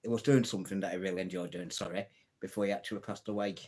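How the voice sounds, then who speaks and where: A man's voice: low-pitched, fairly even intonation, very fast, a little mellow, husky. A man hosting a live stream, telling jokes, laughing at his own puns and chatting to viewers. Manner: greets and answers viewers' comments.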